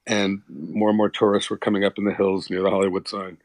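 Middle-aged guy from new jersey rambling thru memories, lowish voice, dry sound. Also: flat delivery, brisk, no echo, poor audio. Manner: rambling, reflective, many restarts. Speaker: actor, guest. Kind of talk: casual interview talk.

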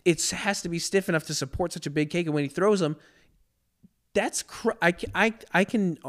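Male podcast host, easygoing chat, laughs a lot, keeps it loose and lively. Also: high voice, normal speed. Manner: laughs often, says "bro" and "dude" a lot, animated. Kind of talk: casual chat.

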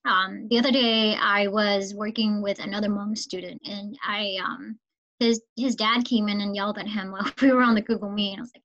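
A woman teacher from Minnesota telling an emotional story in a relaxed conversation. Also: mid-range voice, fairly quick, dull audio. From Minnesota, United States. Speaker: teacher, podcast guest. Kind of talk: casual conversation.

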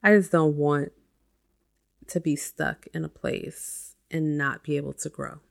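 A woman's voice: low-pitched, steady tone, a little slow, gravelly. A woman and mother hosting a self-help podcast, talking casually and chatting with lots of "you know" and "like". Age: adult with a child. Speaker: podcast host.

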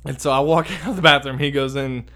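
A man's voice: medium pitch, quick pace, pushed and bright. A man telling a long story in a casual, rambling way, swearing a lot and saying "dude" and "like" constantly. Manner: rambling, profane, lots of fillers like "dude" and "like".

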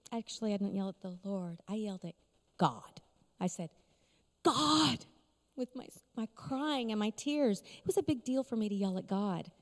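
Speaking in a mellow, medium-pitched voice, a middle-aged woman gives a heartfelt personal testimony on a conference stage, storytelling with plenty of laughter. The large hall lends the recording a long reverb.

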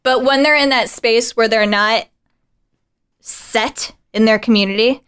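A young woman co-hosting a podcast in casual chat, excitable, laughing often and swearing freely. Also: fairly high pitch, unhurried, smooth. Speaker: podcast co-host.

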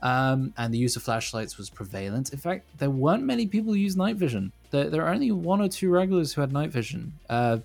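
A man's voice: fairly high pitch, very animated, brisk, creaky, hardly any pauses, darkish tone, faint music behind. Rambling man on a casual podcast. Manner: rambling, self-deprecating, laughs often. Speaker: podcast co-host.

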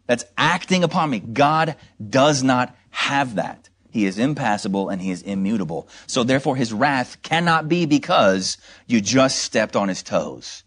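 A man delivering a sermon, moving between careful explanation of the text and animated rhetorical questions. His voice has a slightly husky, breathy edge at an ordinary middle pitch. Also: unhurried, few pauses. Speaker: preacher. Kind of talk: expository sermon.

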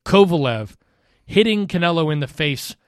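Slightly high, dry-voiced male co-host. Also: normal speed, smooth, dry recording. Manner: excitable, casual, swears. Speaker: podcast co-host. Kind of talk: casual chat.

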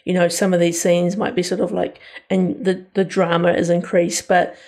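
A man's voice: high-pitched, monotone, moderate pace, gravelly, darkish tone. A man co-hosting a podcast, chatting casually about a film in a rambling way with lots of fillers. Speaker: podcast co-host.

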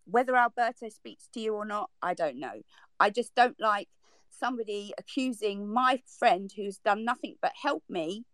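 A woman's voice: medium pitch, animated, moderate pace, fairly bright tone, no room sound. A woman in a heated online group argument, exasperated and defensive, her voice leaping up when she is upset. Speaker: participant in a social audio chat.

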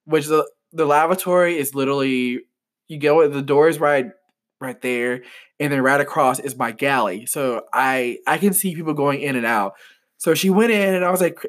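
A young man who works as a flight attendant, telling an excitable, rambling story full of restarts and fillers. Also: fairly high pitch. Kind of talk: casual storytelling vlog.

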